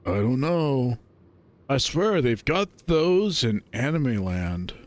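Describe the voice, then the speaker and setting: A man's voice: mid-range voice, sing-song, slow pace. A man voicing a bulky, shy young male ram gamer in a visual novel read-aloud, in a grumbly, reluctant manner. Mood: deadpan.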